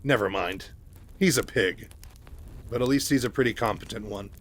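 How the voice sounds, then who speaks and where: A man reading the lines of a sardonic female telepath lieutenant, a bit higher and louder than his own voice. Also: moderate pace, slight background noise, lightly acted.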